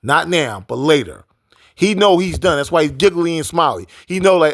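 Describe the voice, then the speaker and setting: Male sports commentator, fairly high voice, repetitive and emphatic rant, dry close sound. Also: lively intonation, normal speed, dry recording. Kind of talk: casual sports opinion rant.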